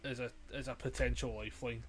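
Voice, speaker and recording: A man's voice: mid-range voice, little pitch movement, fast talker, a little hiss or hum. A man commentating his own gameplay casually, exasperated and self-mocking, swearing constantly, his throat strained and frazzled. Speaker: gamer streamer.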